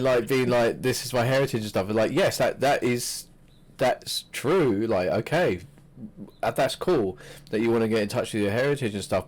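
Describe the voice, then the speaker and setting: A man co-hosting a podcast, chatting casually about wrestling, animated and swearing freely. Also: mid-range voice. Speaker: podcast co-host.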